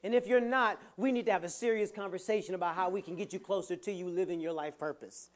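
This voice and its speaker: A preacher giving a motivational sermon with playful humor, swinging from soft asides to loud, emphatic lines. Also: medium pitch, steady tone, quick pace.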